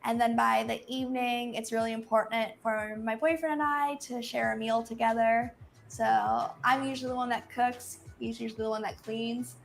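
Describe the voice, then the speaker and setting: An American woman speaking in an interview clip, relaxed and easygoing. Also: a little high, normal speed, creaky, a little hiss or hum. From United States. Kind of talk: documentary interview.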